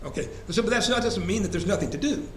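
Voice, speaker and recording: Speaking quickly in a high-pitched voice with lively intonation, a man guides a church Bible study class, posing questions to the group and repeating verse references. The recording is echoey with faint ambient hiss, and his style is conversational.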